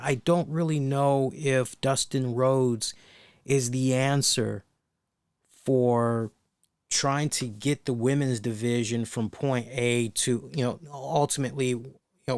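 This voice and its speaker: A man talks through a wrestling review on his own podcast, rambling and thinking aloud with plenty of restarts. His voice sits at an ordinary middle pitch and is recorded dry and close, with no room sound. He speaks bluntly and swears casually. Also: a little mellow, no room sound. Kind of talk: casual solo commentary.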